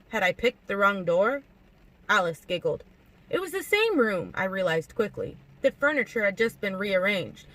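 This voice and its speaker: A woman reading a novel aloud in an audiobook narration, expressive and lively, acting out the dialogue. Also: medium pitch, poor audio. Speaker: audiobook reader.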